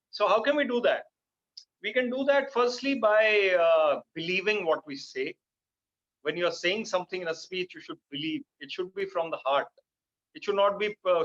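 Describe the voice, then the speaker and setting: A man's voice: high-pitched, fairly bright tone. Emphatic man lecturing online. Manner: emphatic, many "uh" fillers, repeats for stress. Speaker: speaker giving a talk on public speaking. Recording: dull lo-fi video call audio.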